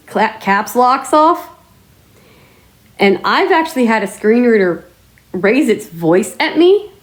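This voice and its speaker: A woman vlogger chatting casually to her viewers, telling stories in a chatty way with mild swearing and drawn-out exclamations. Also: on the high side. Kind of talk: casual chat to camera.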